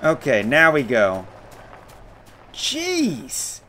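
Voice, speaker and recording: A man's voice: medium pitch, sing-song, measured pace, a little hiss or hum. Jumpy, swearing man streaming a game. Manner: swears a lot, yelps and shouts when startled. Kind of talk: casual gameplay commentary.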